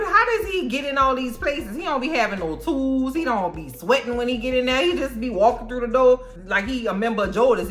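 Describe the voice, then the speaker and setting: Sassy, bright-voiced woman. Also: medium pitch. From American South. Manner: sassy, slangy and animated, with frequent asides. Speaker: movie reviewer. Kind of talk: casual movie recap.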